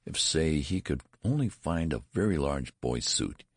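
Casting: deep, husky male storyteller, measured and wry, gravelly, animated delivery. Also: no room sound, clean studio sound. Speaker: narrator. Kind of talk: storybook reading.

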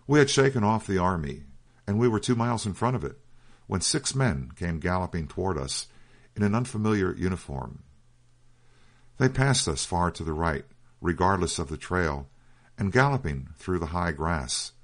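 Deep-voiced male narrator for a measured audiobook read. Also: animated.

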